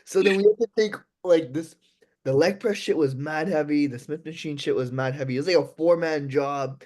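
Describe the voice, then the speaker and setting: A young man spins a story in a loose podcast chat, voice sitting a bit high and swinging up whenever he acts out what someone said. He swears freely and keeps the pace tumbling forward. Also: a little fast. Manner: animated, swears a lot, acts out quoted lines. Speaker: podcast guest.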